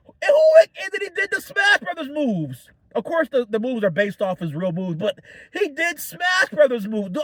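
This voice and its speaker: A young man giving a rambling, excitable solo movie review, swearing often and restarting his sentences. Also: sits high, dry recording.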